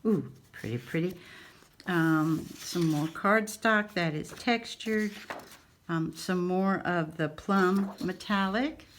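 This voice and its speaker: A woman's voice: lowish voice, takes it slowly, slight background noise. A woman hosting a casual craft haul, gushing and cooing over each item as she shows it at home. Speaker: craft channel host. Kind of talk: casual haul show-and-tell.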